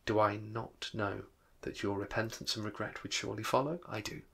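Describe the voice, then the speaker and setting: A man reading the part of a gentle, sorrowful young woman who is ending her engagement, in a soft, hushed voice. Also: on the low side, fairly even intonation, moderate pace, creaky, husky, heavily acted. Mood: sad, gentle. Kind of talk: dramatic reading of a novel.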